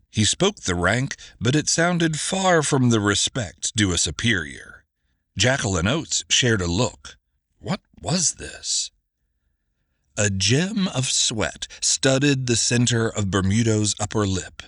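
A man narrating an adventure audiobook in a measured, expressive way. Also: on the low side, no room sound, studio quality.

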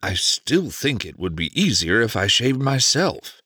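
A man's voice: fairly low pitch, big pitch swings, unhurried, bright, forceful tone, slightly rough, no room sound, studio quality, exaggerated voice. A man voicing a wary young nobleman who speaks hesitantly and grumbles in an audiobook. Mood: doubtful.

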